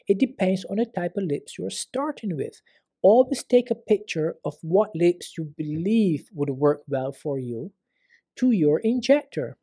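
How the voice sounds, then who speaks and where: A man who works as an aesthetic injector, explaining treatments in a solo podcast in a calm, instructive way and stressing key words. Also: on the high side.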